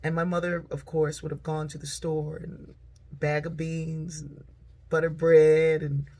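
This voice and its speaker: A woman's voice: low voice, little pitch movement, a little slow, warm tone. A middle-aged woman telling humorous family stories in a personal storytelling monologue. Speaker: speaker and author.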